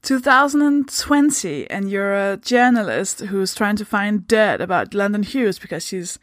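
This podcast host, a woman from Denmark speaking with a Danish accent, eases into an unscripted, casual intro in a medium-pitched voice. She sounds weary, hesitates, and breaks off mid-sentence, captured in studio quality with no room sound.

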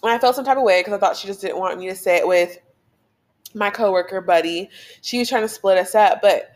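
A woman's voice: mid-range voice, brisk. A woman hosting a casual motivational podcast, talking frankly in a chatty way with many filler phrases. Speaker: podcast host.

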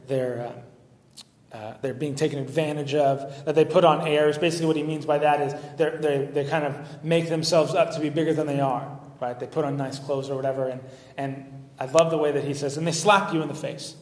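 A man preaching a sermon to his congregation, his voice sitting a little high for a man. He talks in a loose, conversational way, stumbling over and repeating words. The sound rings through an echoey church hall with a long tail of reverb. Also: a little mellow. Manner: paraphrases scripture in a mocking, sarcastic voice; repeats words and restarts often. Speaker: pastor. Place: church sanctuary.

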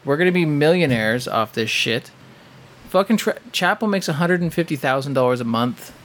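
A man's voice: fairly high pitch, animated, normal speed, fairly bright tone. A man co-hosting a casual podcast from his living room, joking sarcastically and swearing as he rambles. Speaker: podcast co-host. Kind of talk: casual banter. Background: fan running.

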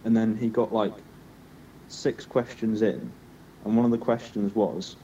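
A man's voice: on the low side, steady tone, measured pace, dark tone, far from the mic, dull audio, slight background noise. Crude, teasing young man. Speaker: podcast co-host. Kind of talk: casual chat.

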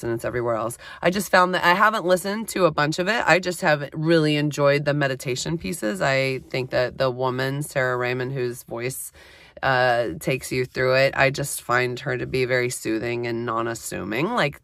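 A woman's voice: extremely low pitch, fairly bright tone, no echo, studio quality. A woman hosting a casual solo podcast, chatty and self-deprecating, with many fillers, talking into her phone in a small closet. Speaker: podcast host.

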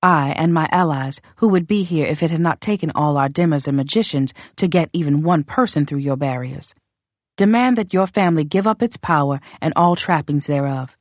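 A woman voicing a proud northern warrior queen who speaks in a measured, formal and quietly contemptuous way. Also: sits low, dry recording. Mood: cold, demanding. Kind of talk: audiobook character reading.

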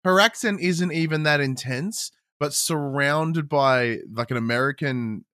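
Rambling Australian podcast guest. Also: male voice, on the high side, unhurried, dry recording, studio quality. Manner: rambling, animated, lots of "like". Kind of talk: casual podcast chat.

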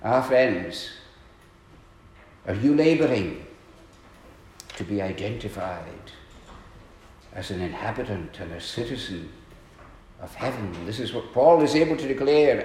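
Man preaching, slow and deliberate, echoey church hall, earnest, clears his throat often. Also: lively intonation, darkish tone, slight background noise. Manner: earnest preaching, rising to emphatic questions and dropping low; frequent throat clearing and filler pauses. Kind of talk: sermon.

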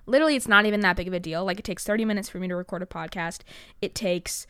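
Rambling teenage girl with a smooth, dry voice. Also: medium pitch, very fast, fairly bright tone, dry recording. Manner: rambling, filler-heavy, swears, self-mocking. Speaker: podcast host. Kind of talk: casual solo podcast chat.

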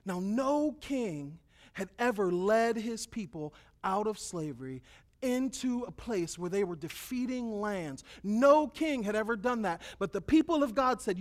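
High-voiced man preaching, animated and slangy. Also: measured pace. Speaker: preacher to young people. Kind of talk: casual storytelling sermon.

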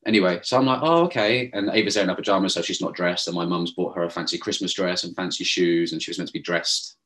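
A young man rattles through a story at speed, his voice sitting very low. He talks animatedly and swears freely, slipping into other people's voices when he quotes them, in a casual podcast chat. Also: steady tone, quick pace, fairly bright tone. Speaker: podcast co-host.

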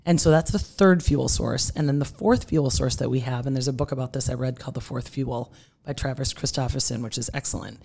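A woman with a low-pitched voice speaks as a podcast guest, explaining nutrition with energy. She slips into quoted voices to make her points, and sounds middle-aged. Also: fairly quick, creaky, a little mellow. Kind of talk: podcast interview.

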